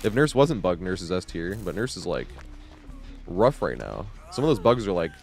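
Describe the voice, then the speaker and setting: Man, lowish voice, rambling live-stream gameplay talk, swears, laughs a lot, faint music behind. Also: big pitch swings, moderate pace, a little mellow. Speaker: game streamer.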